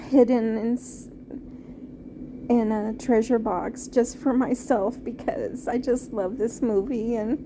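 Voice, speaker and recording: A woman and former teacher reviewing a film off the cuff, halting and heartfelt, with many fillers and restarts. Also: fairly high pitch, noisy background. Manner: tender, heartfelt.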